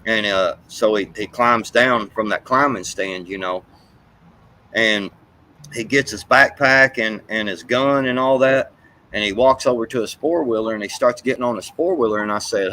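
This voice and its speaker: A man's voice: fairly low pitch, moderate pace, bright, forceful tone, a little hiss or hum, rough recording. A man telling a heated, profane, rambling story in casual chat.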